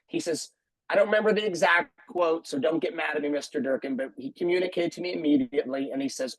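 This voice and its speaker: A man's voice: on the high side, fast talker, dry recording, low-quality recording. A man who runs a martial arts school, talking earnestly on a video call panel and repeating phrases for emphasis.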